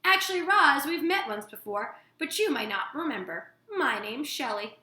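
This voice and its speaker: A woman reading a storybook plays a big, friendly female otter who chatters eagerly. The voice rises and falls a lot and sounds bright. A light room echo hangs on it. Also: high voice, expressive, normal speed, voice pushed up. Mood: chatty. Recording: roomy echo.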